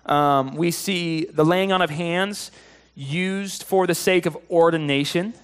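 A man delivering a sermon like he's telling friends a story, with a voice sitting a bit higher than most men's. He drops low and quiet on serious points and gets loud and animated when he's excited. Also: takes it slowly, clear, resonant tone. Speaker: pastor.

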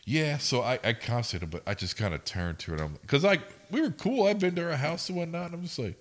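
A man's voice: fairly high pitch, expressive, quick pace. A young man co-hosting a podcast, telling rambling, profane stories in casual chat. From United States. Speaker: podcast co-host.

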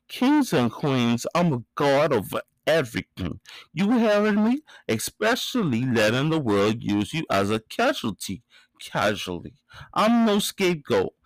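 A man from the islands reciting his own spoken word poetry and rap, with rhythmic, emphatic delivery and sudden loud rises. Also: medium pitch, dry recording, low-quality recording. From Bahamas.

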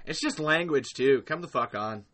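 A man chatting casually as a podcast guest, animated, profane and quick to laugh. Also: mid-range voice, slight background noise. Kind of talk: casual chat.

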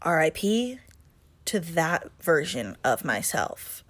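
A woman's voice: low-pitched, sing-song, slow. A woman in her twenties co-hosting a podcast, chatting casually, full of "like" fillers and the odd swear word. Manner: chatty, swears freely, frequent "like". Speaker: podcast co-host. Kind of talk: casual chat.

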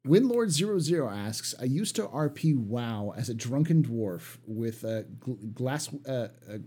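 A man's voice: mid-range voice, expressive, unhurried, warm tone, breathy edge. A man hosting a podcast in casual chat, reading listener questions in a playful, theatrical way. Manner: playful and theatrical, demonstrates voices.

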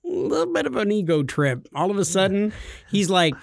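A man with a fairly high voice co-hosts a gaming podcast in a casual, joking way, and he likes to rib his partner. The sound is dry and close, with almost no room echo. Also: very animated, moderate pace, vocal fry. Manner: teasing, joking. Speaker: podcast co-host. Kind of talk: casual chat. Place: podcast studio.

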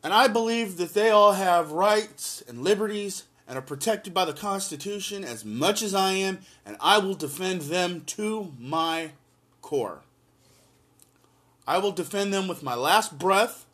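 A man's voice: high voice, lively intonation, unhurried, fairly bright tone. A man giving impassioned solo political commentary and reading an article aloud, blunt and emphatic, repeating lines for force.

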